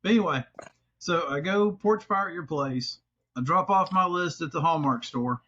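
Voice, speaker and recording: A man, hosting a podcast and telling a story in a lively, profane way. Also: fairly high pitch, moderate pace, a little hiss or hum. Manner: animated, swearing, laughing storyteller. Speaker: podcast host. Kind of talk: casual storytelling chat. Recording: dull lo-fi sound.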